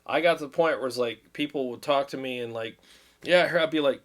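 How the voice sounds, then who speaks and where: A man's voice: medium pitch, brisk. A man in his fifties chatting on a livestream, earnest and rambling, at times emotional as he thanks viewers. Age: 50s. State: recovering from illness, drained. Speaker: livestream host. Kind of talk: casual livestream chat.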